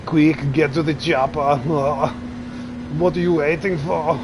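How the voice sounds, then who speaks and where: A man putting on a gruff, shouting male action-hero impression with mock-accented catchphrases. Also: on the high side, fairly even intonation, takes it slowly, background noise. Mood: barking.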